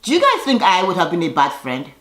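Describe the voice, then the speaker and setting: A woman with a lowish, slightly bright voice recaps a reality TV episode fast, her pitch swinging hugely. She adds sassy commentary and acts out the cast's lines in voices, recorded in a roomy, echoey room.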